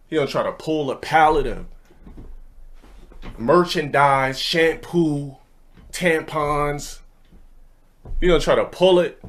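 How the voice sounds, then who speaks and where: A young man telling a casual story and ranting bluntly, with plenty of profanity and a brash, hurried delivery. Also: on the high side, a bit bright. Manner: blunt, profane, brash, speeds up mid-thought. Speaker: streamer.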